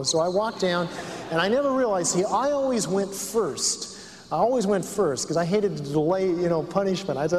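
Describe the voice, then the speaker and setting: A man with a fairly high voice tells a personal story in sermon style, speaking earnestly and turning to the audience with questions. His words ring out with a long reverb, like a talk recorded live in a large hall. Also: lively intonation, normal speed, a little mellow. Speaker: speaker on family and counseling.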